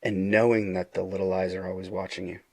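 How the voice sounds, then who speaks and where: Gravelly low-voiced man telling a story. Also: level tone, quick pace, dark tone, no room sound. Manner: earnest, retelling dialogue with frequent restarts. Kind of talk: casual storytelling.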